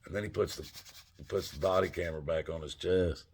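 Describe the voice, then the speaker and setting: A man's voice: low voice, fairly even intonation, a little fast, slight background noise. An older man telling a long, rambling story to his viewers in a loose, profane, casual way. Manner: loose, profane, talks straight to viewers as "folks".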